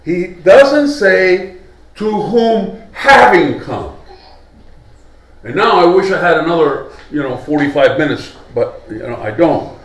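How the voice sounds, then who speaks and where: A man's voice: a little high, lively intonation, moderate pace. A male preacher giving a sermon in a conversational way, putting questions to his congregation. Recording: echoey hall, mic at a distance.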